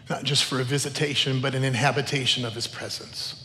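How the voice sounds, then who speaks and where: A man's voice: mid-range voice, fairly even intonation, quick pace, few pauses, pushed and bright, a little hiss or hum. A man pastor preaching a sermon in an earnest, emotional manner, praying aloud between points. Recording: long reverb of a large hall.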